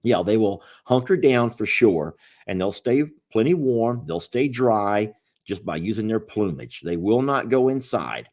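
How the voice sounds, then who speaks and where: A man's voice: fairly low pitch, big pitch swings, measured pace, a little mellow. A man hosting a casual livestream, folksy and playful, rambling with restarts. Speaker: animal sanctuary owner, livestream host.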